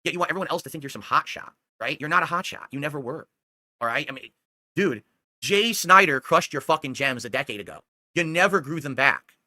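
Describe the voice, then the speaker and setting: A man's voice: on the high side, lively intonation, a little fast, sharp tone, no echo. A man delivering a heated, profane ranting monologue aimed at a rival, scolding him and asking again and again whether he understands. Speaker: streamer.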